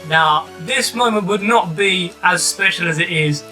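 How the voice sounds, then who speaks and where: A young man giving a chatty, wry voice-over as he counts down gaming highlights. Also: unhurried, pushed and bright, far from the mic, faint music behind. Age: young adult. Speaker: gaming YouTuber.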